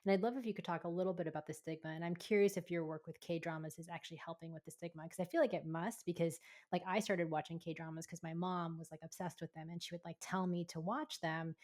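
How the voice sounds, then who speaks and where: A woman hosting a podcast interview, chatty and quick to laugh, often saying "like". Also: on the low side, darkish tone. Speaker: podcast host and yoga teacher.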